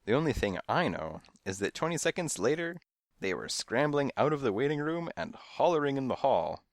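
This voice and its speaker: A man narrating a children's mystery audiobook in first person, with expressive, playful storytelling. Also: medium pitch, moderate pace, no room sound, clean studio sound.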